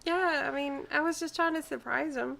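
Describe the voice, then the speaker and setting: A woman's voice: high voice, normal speed, creaky, sharp tone. A woman in her thirties co-hosting a podcast, chatting casually and laughing often. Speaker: podcast co-host. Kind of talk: casual chat.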